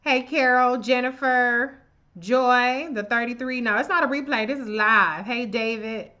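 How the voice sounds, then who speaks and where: On a live political stream, a woman with a high, sharp voice speaks at a measured pace, and the recording's highs are cut off. She greets viewers by name and delivers a profane, fiery rant dripping with contempt.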